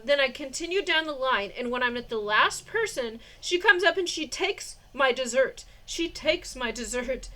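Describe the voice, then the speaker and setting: A woman's voice: high voice, pushed and bright. A woman vlogger telling a personal story in a rambling way, with restarts, fillers and short suspicious laughs.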